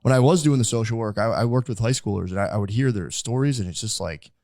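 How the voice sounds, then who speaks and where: A man's voice: fairly low pitch, fast talker, darkish tone, no echo, clean studio sound. A young man hosting a casual podcast interview, rambling with lots of fillers. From United States. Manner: rambling, filler-heavy with many likes. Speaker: podcast host.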